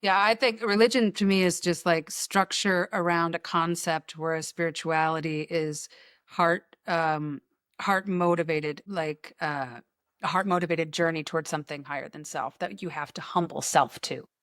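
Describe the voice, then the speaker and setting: An American woman hosts a podcast, telling rambling, joking stories in casual chat. Her voice is deep and a bit bright, with fairly even intonation and a moderate pace, captured in a dry, clean studio recording.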